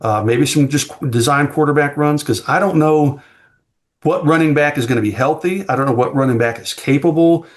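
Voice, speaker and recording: A man's voice: on the high side, brisk. A man appearing as a guest sports writer in a casual podcast chat, giving frank, plain-spoken football analysis.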